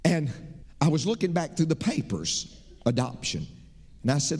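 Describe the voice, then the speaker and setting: A middle-aged man preaching a sermon as pastor, telling folksy stories and moving between loud emphatic lines and soft confiding asides. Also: a little high, big pitch swings, normal speed, long pauses, slightly rough. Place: church sanctuary. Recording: reverberant church sanctuary.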